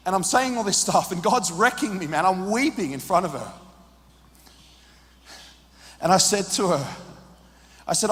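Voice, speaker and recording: A man preaching a sermon, telling an emotional story that swings from hushed tones to shouts. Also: high-pitched, expressive, normal speed, pauses often, in a large hall.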